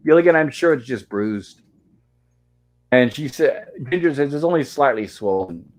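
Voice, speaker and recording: Hosting a live-streamed show, a man with a mid-range voice talks at a measured pace with lively intonation. He chats casually about an episode and reads lines aloud, barely acting them.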